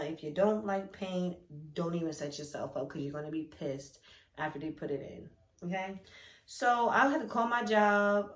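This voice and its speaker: Young woman w/ aave doing a storytime vlog, low-ish voice, real candid, jumps up high when quoting ppl, echoey room. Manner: animated and candid, acts out quoted lines with big pitch jumps. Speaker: vlogger.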